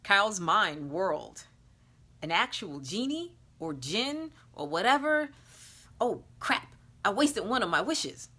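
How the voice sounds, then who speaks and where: A woman reading an erotic story aloud in a slow, sultry narration that sometimes drops to a whisper. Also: medium pitch, big pitch swings, pushed and bright. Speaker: erotica reader. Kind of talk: scripted narration.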